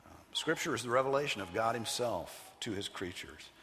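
A man preaching an expository sermon, teaching with an emphatic, measured cadence. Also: mid-range voice, expressive, bright, forceful tone, in a large hall, a little hiss or hum.

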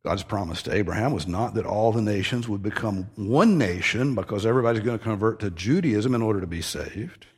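A man's voice: lowish voice, lively intonation, a little fast, few pauses, breathy edge. A man preaching an expository sermon, earnest and emphatic, stressing key phrases as he teaches.

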